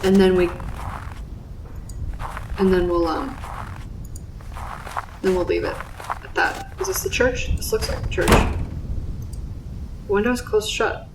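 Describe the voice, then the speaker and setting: A woman's voice: on the low side, a little slow, long pauses, recorded from a distance, noisy background. Giggly Southern woman gaming. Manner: giggly, self-mocking asides. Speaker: Let's Play host. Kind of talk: gameplay commentary. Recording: roomy echo.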